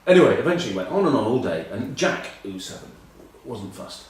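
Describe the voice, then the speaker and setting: A man's voice: medium pitch, very animated, brisk. Rambling English man, echoey and distant. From England. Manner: rambling, self-mocking anecdotes with many ums. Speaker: rugby pundit. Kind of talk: casual chat.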